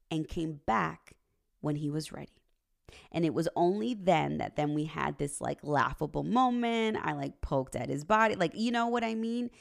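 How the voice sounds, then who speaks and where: A woman's voice: sits low, creaky. A woman in her thirties, a relationship coach and host, talking casually and earnestly on a livestream and reading out viewer comments, often adding "right?" and "like". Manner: earnest, faith-based, uses "right?" and "like" often; animated storyteller, laughs easily.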